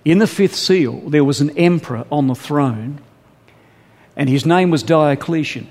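A man preaching a sermon, calling his listeners brothers and sisters, stretching key words slowly and then rushing ahead with emphasis. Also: on the high side, a little mellow. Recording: long hall reverb.

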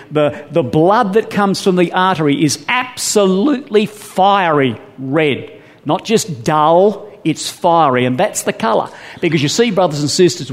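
A man preaching a sermon, calling his listeners brothers and sisters, stretching key words slowly and then rushing ahead with emphasis. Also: on the high side, a little mellow. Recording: long hall reverb.

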